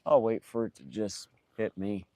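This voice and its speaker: A man's voice: on the low side, animated, moderate pace, warm tone, no echo. A man who carves wood with a chainsaw, chatting casually on a live stream while he works, rambling and trailing off with lots of fillers.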